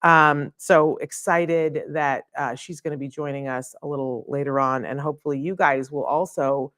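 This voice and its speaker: A middle-aged woman hosting a live studio show, chatty and effusive, with fillers and quick laughs. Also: deep voice, fairly even intonation, a bit bright, no room sound. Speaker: host. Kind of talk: live show opening monologue.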